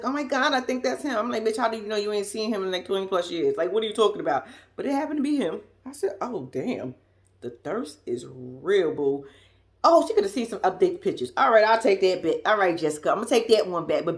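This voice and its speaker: A woman with a Southern US accent giving a blunt, sassy, laughing casual commentary as a vlogger. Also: medium pitch. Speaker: reality TV recap vlogger.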